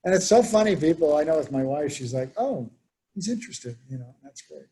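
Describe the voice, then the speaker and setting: A man's voice: a little high, animated, fast, warm tone. A man presenting a workshop, telling anecdotes and acting out the people he quotes. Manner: storytelling, acts out quoted voices. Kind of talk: conversational workshop talk.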